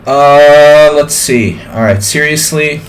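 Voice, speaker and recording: A man's voice: on the high side, slow. A man voicing a goofy German blogger from the Black Forest, with a put-on German accent and a hammy, self-mocking delivery.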